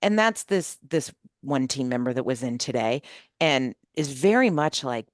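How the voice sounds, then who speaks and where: A woman's voice: very deep voice, normal speed, no echo, studio quality. A woman on a podcast panel speaking emphatically about her team, acting out what people say. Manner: emphatic, animated, quotes people in dialogue. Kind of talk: casual panel discussion.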